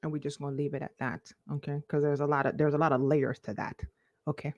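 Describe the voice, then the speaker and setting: Expressive woman in her forties, storytelling. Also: quick pace, no room sound, highs cut off. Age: 40s. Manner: expressive, confiding, laughing storyteller with sudden pitch leaps. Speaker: vlogger, life coach. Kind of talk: candid storytelling to camera, live stream.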